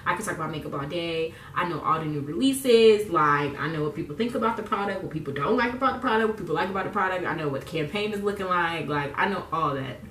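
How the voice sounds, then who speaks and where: A woman's voice: fairly low pitch, lively intonation, quick pace, hardly any pauses, fairly bright tone, distant mic, slight background noise. Chatty young woman, echoey room. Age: young adult. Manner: chatty, rambling, many fillers and likes. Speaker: beauty vlogger. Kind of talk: casual get-ready-with-me chat.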